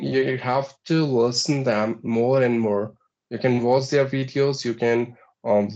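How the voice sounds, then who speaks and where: Indian-accented male mentor for a practice call: methodical, ticks off points one by one, mid-pitched, slightly dull lo-fi sound. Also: darkish tone. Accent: Indian English. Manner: measured, advisory, counts points off one by one. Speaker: English practice partner. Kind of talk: conversational English practice session.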